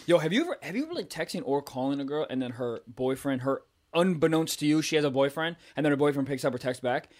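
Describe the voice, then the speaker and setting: A young man on a comedy podcast, telling stories casually with lots of swearing and loud acted outbursts. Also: fairly high pitch, animated, quick pace, hardly any pauses. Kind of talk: casual chat.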